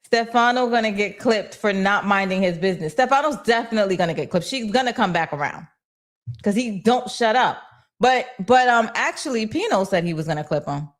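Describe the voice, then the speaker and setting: A young adult woman hosting a casual livestream, reading viewer comments aloud and answering in lively, slangy talk. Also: mid-range voice, fairly quick. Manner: animated and slangy, talks back to chat. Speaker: host of a TV recap livestream.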